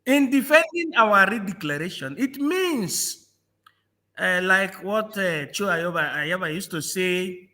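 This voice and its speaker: A man's voice: high voice, lively intonation, slow pace, pushed and bright. A man from Nigeria in a political discussion, mocking and repeating phrases, laughing often. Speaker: panel guest.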